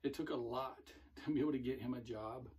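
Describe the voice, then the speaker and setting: A middle-aged man, a former military recruiter, telling stories in a relaxed, rambling way with many fillers. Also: mid-range voice, fairly quick, slightly rough. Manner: relaxed, rambling, with frequent fillers and self-corrections. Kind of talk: casual storytelling monologue.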